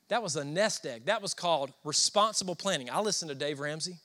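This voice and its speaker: A man's voice: on the high side, fast talker, few pauses, fairly bright tone. A young Southern man with a Southern American accent, preaching a sermon in a storytelling, conversational way and asking the congregation questions. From Southern United States. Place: church before a congregation.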